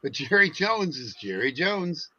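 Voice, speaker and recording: Older guy co-hosting, chatty and excited, bright tone, dull lo-fi sound. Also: fairly high pitch, a little slow. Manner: enthusiastic, chatty. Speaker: podcast co-host. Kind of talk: casual chat.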